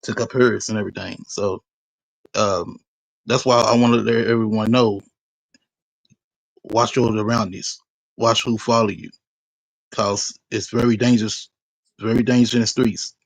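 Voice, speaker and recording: A man telling his story in a street interview, halting and repeating himself often. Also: on the low side, steady tone, vocal fry, dry recording. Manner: halting, repetitive, many restarts.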